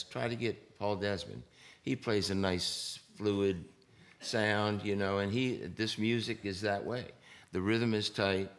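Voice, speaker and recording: Older male drummer, panel guest; low, chatty, animated, mouths beats and hisses out percussion. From United States. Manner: animated, sings rhythms aloud, hisses percussion sounds. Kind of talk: anecdotal storytelling on a panel. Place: stage panel before an audience.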